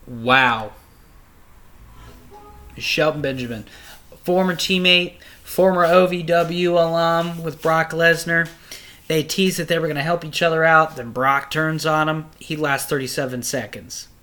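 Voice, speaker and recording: A young man talks through a solo podcast review in a loose, rambling way, swearing freely as he gets worked up. His voice sits a little high and rings bright and forceful. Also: normal speed. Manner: profane, excitable, rambling. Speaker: podcast host.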